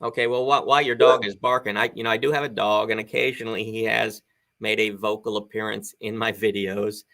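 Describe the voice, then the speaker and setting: A man in his fifties chats over a video call with a gravelly, fry-edged voice. His tone is bright and forward as he rambles on with enthusiasm, piling one thought onto the next. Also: lowish voice, little pitch movement, brisk. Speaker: guest on a live stream chat. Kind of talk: casual chat.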